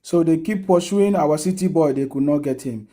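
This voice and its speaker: A man's voice: a little high, normal speed, mellow. A man with a Nigerian accent giving political commentary in a vlog, mocking his opponents with rhetorical questions and frequent laughter.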